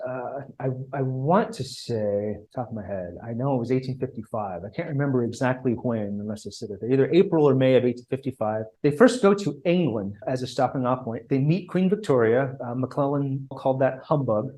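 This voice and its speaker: A man delivering a history lecture in an easygoing, storytelling way. He mixes wry asides and small fillers into the talk. His voice sits at an ordinary middle pitch. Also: warm tone. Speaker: guest speaker at a history roundtable.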